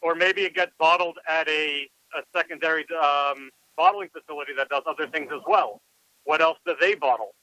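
Rabbi guy explaining stuff slowly w lots of ums, pretty high, really bright sharp voice. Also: no echo, poor audio. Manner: explains step by step, many fillers. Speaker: rabbi, kosher certification guest. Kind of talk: explanatory interview answers.

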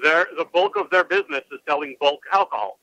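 A man's voice: on the high side, expressive, fast talker, sharp tone, dry recording, low-quality recording. A man who is a rabbi, answering interview questions and explaining things step by step with many fillers. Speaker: rabbi, kosher certification guest.

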